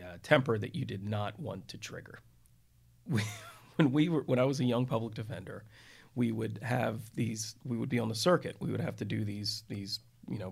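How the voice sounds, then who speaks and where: A man's voice: fairly low pitch, creaky. A man, a defense attorney co-hosting a podcast, telling stories in a rambling way with many restarts and asides. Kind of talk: casual storytelling podcast talk.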